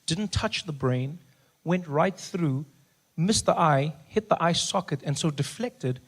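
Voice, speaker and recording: A male stand-up comedian telling a family story on stage, animated and loud, repeating words for effect. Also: fairly high pitch, measured pace.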